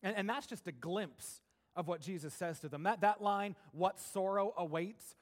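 High-voiced male pastor preaching animatedly. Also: moderate pace. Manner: animated preaching, swings between soft asides and raised emphatic bursts. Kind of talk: sermon.

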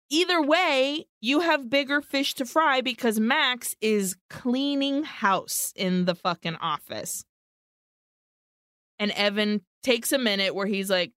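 A woman co-hosting a podcast, casually retelling a film's plot with lively, profane storytelling and Spanish words slipped in. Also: a little high, slow pace, no echo, clean studio sound. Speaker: podcast co-host. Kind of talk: casual movie recap chat.

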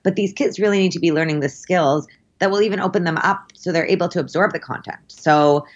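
A low-voiced woman talks fast and animatedly as a podcast guest, her speech full of filler "likes". The recording is a bit dull and lo-fi. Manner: quick, animated, peppered with likes. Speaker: guest, math teacher and musician. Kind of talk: casual interview chat.

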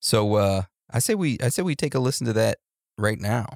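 A man with a low, gravelly voice chats on a podcast, slowly turning ideas over and drawing out his questions. The sound is dry and close. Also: expressive, a little mellow, dry recording. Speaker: podcast co-host. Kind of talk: casual podcast chat.

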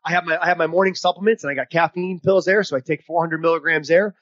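Energetic male coach on a podcast, quick-talking, a bit higher voice, close dry mic. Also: no echo, highs cut off. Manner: energetic, rambling with restarts. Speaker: podcast co-host, mental performance coach. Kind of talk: casual podcast chat.

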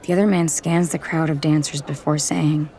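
A woman reads a first-person audiobook in a low voice. Her delivery is measured and intimate, close and steady throughout. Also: a faint crowd. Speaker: audiobook narrator.

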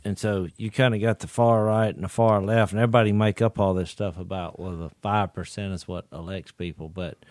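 A man's voice: on the low side, a little fast, few pauses, no echo, studio quality. A man, a podcast co-host telling a story in casual chat and laughing along with it. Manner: animated, laughs through his own story.

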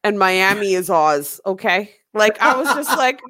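A woman's voice: medium pitch, unhurried. A woman co-hosting a casual chat, brash and joking, with plenty of swearing. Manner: brash, animated, swearing jokes.

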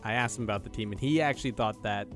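A man's voice: lowish voice, fast, faint music behind. A man co-hosting a podcast, chatting casually with short, agreeable replies. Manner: brief, agreeable interjections. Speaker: podcast co-host. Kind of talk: casual chat.

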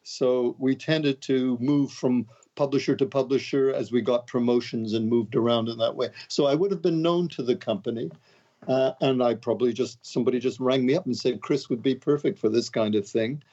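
A man's voice: mid-range voice, fairly even intonation, moderate pace, warm tone. A man in his seventies from Montreal, a guest author chatting in an interview with a wry, joking, self-deprecating manner. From Canada, Montreal. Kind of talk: casual interview talk. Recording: dull lo-fi audio.

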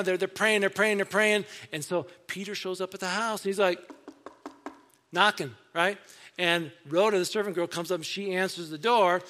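Male pastor, casual storytelling sermon, high bright voice, long hall echo. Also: normal speed. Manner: conversational storytelling, acting out voices.

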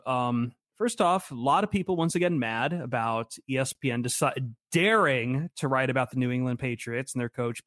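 A man's voice: mid-range voice, dry recording, clean studio sound. A man co-hosting a casual sports podcast, joking and sarcastic. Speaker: podcast co-host.

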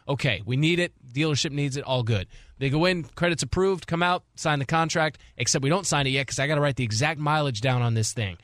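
A man's voice: a little high, quick pace, no room sound, studio quality. A man in his forties, a sports radio host, telling a long story in casual chat and acting out the people in it. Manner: animated storyteller, acting out quotes. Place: radio studio. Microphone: studio mic.

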